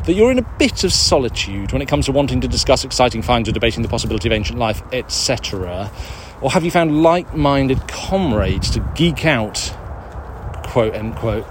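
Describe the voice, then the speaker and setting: A man's voice: medium pitch, a little hiss or hum. Breathless man chatting on a walk. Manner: sweary, self-mocking, rambling with laughs. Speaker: podcast host answering listener questions. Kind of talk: casual chat while walking outdoors. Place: woods outdoors, walking a dog.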